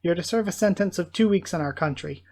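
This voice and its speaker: A man reading as a calm, reassuring border captain. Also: high voice, quick pace.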